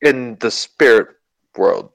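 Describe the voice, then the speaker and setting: A polite, jittery adventurer, played by a man in a tabletop game, stammering and courteous. His voice sits a little higher than the player's own and lifts on his questions. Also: takes it slowly, no echo, low-quality recording. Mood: nervous questions. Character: polite, nervous male adventurer.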